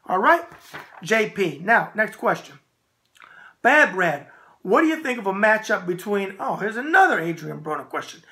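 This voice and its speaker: A man's voice: high-pitched, pushed and bright. A man from Michigan hosting a boxing mailbag show from home, reading viewer questions and giving brash, opinionated takes with a repeated catchphrase. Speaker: host.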